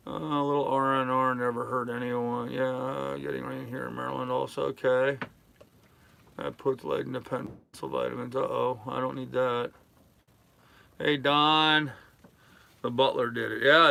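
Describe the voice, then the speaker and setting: An older man live-streaming from his sailboat in a harbor, chatting casually with his chat in a relaxed, rambling way full of fillers. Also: medium pitch, a little slow, creaky, long pauses. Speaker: sailing vlogger reading live chat.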